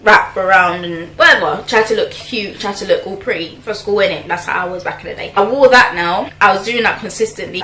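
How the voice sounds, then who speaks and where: A young woman in her twenties talks casually to camera, her speech full of slang, fillers and side comments. Her voice sits at a middle pitch. The room is echoey, with a faint hiss behind her. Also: bright, forceful tone. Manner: chatty, slangy, lots of fillers and asides. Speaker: vlogger.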